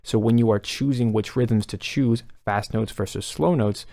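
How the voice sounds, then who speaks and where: A man explaining melody writing techniques in a calm, instructional way, counting beats aloud. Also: fairly low pitch, normal speed, vocal fry, no echo, clean studio sound. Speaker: music composition teacher.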